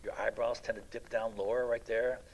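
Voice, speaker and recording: A man's voice: medium pitch, flat delivery, brisk, slight background noise, rough recording. A middle-aged man giving an informal classroom lecture, rambling through anecdotes with many fillers and a constant "right?". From United States. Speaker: college lecturer.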